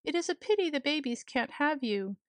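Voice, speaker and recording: A woman's voice: sits high, expressive, brisk, no echo. Santa Claus, a woman doing a jolly old man.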